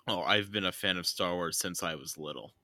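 A man's voice: sits low, a little fast, bright, forceful tone, no echo. A man co-hosting a podcast in casual chat, giggly and rambling. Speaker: podcast co-host.

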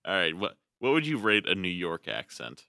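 Very deep, bright-voiced playful man. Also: huge pitch swings, normal speed, gravelly. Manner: laughs often, playful, stumbles over words. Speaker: podcast co-host. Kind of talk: casual chat.

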